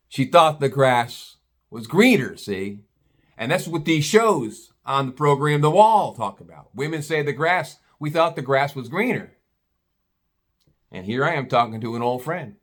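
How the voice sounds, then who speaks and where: A man's voice: mid-range voice, lively intonation, moderate pace. A middle-aged American man tells a long personal story in a loose, rambling way. He talks bluntly and swears without a second thought. It sounds like casual, unscripted chat. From United States. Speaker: vlogger.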